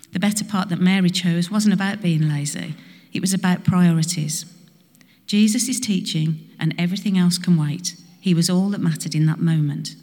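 Lady preacher asking the crowd questions, lowish voice, long church echo. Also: darkish tone. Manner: asks the congregation questions. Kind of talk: sermon to a congregation. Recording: reverberant hall.

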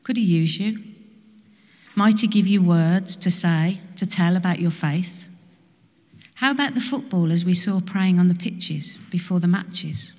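A woman's voice: on the low side, measured pace, darkish tone. A woman preaching a sermon to a congregation, often asking the listeners questions. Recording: reverberant hall.

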